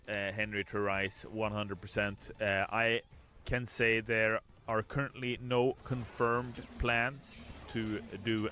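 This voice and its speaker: A man from a game studio reading out fan questions on a live stream and answering them in a measured, careful way. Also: fairly low pitch, a bit bright.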